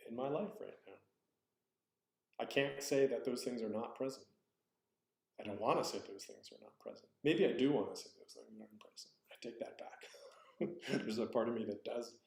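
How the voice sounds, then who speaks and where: A man's voice: medium pitch, creaky, a little mellow. A man giving a dharma talk as a Zen teacher, reflective and searching, often correcting himself aloud. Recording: roomy echo.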